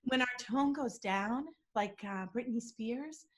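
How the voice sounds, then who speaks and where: A woman guest explaining deception cues in an interview, telling animated stories and acting out quotes. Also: fairly high pitch, takes it slowly. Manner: animated storytelling, acts out quotes. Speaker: body language and deception expert guest. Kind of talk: interview answers with examples.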